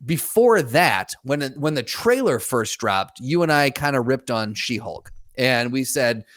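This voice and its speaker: A man's voice: medium pitch, expressive, measured pace, a bit bright, no room sound, studio quality. A man co-hosting a podcast in casual chat, playful, laughing and swearing in banter. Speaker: podcast co-host.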